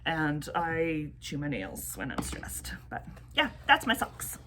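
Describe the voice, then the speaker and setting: Woman podcast co-host, chatty, a bit low, faint background noise. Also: huge pitch swings, slow pace, bright, forceful tone. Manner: chatty, laughs often. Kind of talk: casual chat.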